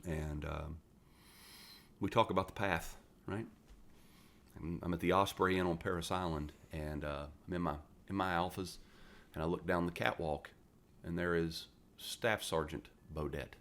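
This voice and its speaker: A man's voice: low-pitched, moderate pace. A man in his forties, a retired Marine from West Virginia, telling war-and-training stories in a casual, profane podcast chat. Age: 40s. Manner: profane, animated storyteller who acts out quoted dialogue. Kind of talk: casual storytelling interview.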